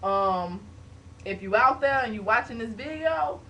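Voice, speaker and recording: A young woman vlogger telling a story to a webcam at home in a lively, casual way, with sound effects like "boom" and "bam". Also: unhurried. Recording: distant webcam mic, faint hiss.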